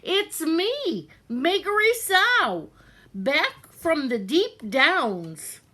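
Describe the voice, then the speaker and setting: Dim half-deaf kitchen maid, read by a woman, slow drawl, pitched up, lively swoops. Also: full character voice. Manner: slow, drawling, simple-minded. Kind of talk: storybook reading aloud.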